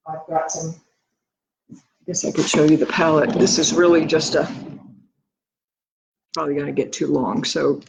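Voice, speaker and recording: An American woman, a painter, chats casually in her studio, thinking aloud in a rambling, halting way and sounding a little out of breath. Her voice is low, and the laptop-mic recording is poor, with an echoey room and slight background noise.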